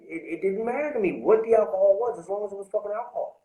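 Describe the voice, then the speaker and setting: A man's voice: high-pitched, rapid-fire, dark tone, reverberant, poor audio. A man talking candidly about his recovery from drinking, blunt and heavy with swearing. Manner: blunt, profane, confessional. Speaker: host.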